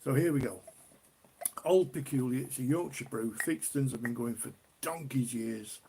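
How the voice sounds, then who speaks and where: A man's voice: mid-range voice, moderate pace, gravelly, noisy background. A middle-aged man from the UK hosting a casual beer live stream, chatty and rambling, often repeating himself. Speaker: beer livestream host.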